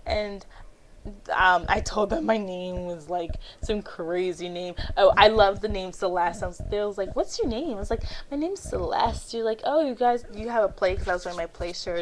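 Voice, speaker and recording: A teenage girl talking to her camera in a personal confessional vlog, animated and acting out her own inner voice. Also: mid-range voice, moderate pace, crowd noise. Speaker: vlogger. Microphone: handheld camera.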